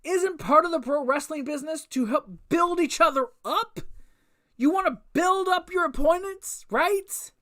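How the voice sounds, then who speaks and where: A woman casually reviews a wrestling show, ranting with exasperated rhetorical questions, frequent swearing, and repeated restarts. Her voice sits high with a fairly bright tone, and she speaks unhurriedly.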